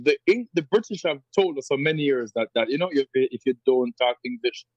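A man's voice: mid-range voice, expressive, a little fast, breathy edge, dry recording, muffled recording. A man from Jamaica with a Jamaican accent, a podcast guest talking reflectively and repeating words as he searches for them. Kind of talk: conversational interview.

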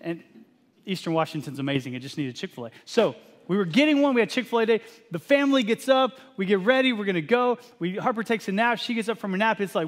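A man in his thirties from Texas, a pastor preaching a sermon and telling an animated, self-deprecating family story. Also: high voice, quick pace. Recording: long hall reverb.

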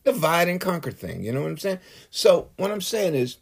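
A man's voice: fairly high pitch, sing-song, brisk, vocal fry, breathy edge. A man delivering a heated, profane political rant in his own vlog, swearing often and building into outbursts. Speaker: political commentator.

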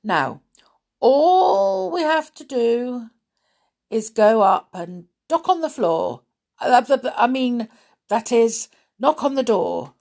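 A woman's voice: on the high side, big pitch swings, slow pace, a little mellow, pitched above the performer's own voice, exaggerated voice. A woman voicing a flustered old male dwarf leader who stammers and mixes up his words. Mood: bossy.

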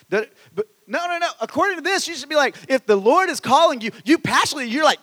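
Preaching a sermon in a big, reverberant church hall, a pastor with a high voice moves between loud, animated outbursts and quiet, intimate asides. He stumbles over restarts while driving his point home, speaking fast with few pauses.

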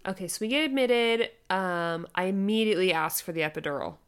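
A young adult woman co-hosting a podcast, telling a candid story in a casual, animated way. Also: mid-range voice, fairly quick, smooth. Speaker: podcast co-host. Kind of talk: casual chat.

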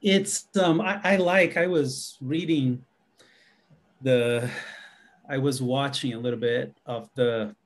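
A man speaking as a guest in a casual discussion, with halting speech and frequent restarts. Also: mid-range voice.

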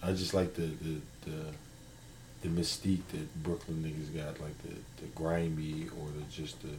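A man chatting casually on a podcast, relaxed and rambling, with lots of fillers. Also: very deep voice, normal speed, slight background noise. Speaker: guest rapper. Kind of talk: casual chat.

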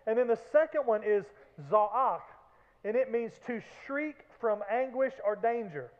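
A man preaching a sermon as pastor, animated, with acted-out shouts and joking asides. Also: very high voice, normal speed. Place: church sanctuary. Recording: echoey hall, phone-like band.

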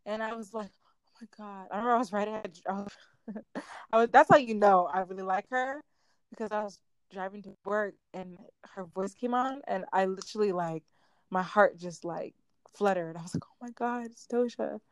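A woman's voice: mid-range voice, brisk, smooth, no room sound. Young woman, casual podcast co-host, laughy and rambling; dry, close sound. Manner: excitable, laughing, trails off and restarts. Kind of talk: casual chat.

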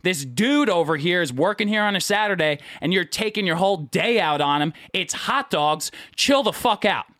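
A man's voice: moderate pace, hardly any pauses, dry recording, studio quality. A young man telling a profane story in casual chat, acting out what people said with big jumps in his voice. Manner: animated, acts out quotes with big pitch jumps.

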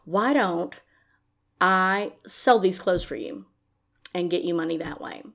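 Woman mimicking a flustered young woman, high and breathless. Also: takes it slowly, gravelly, a bit bright, heavily acted. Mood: scheming.

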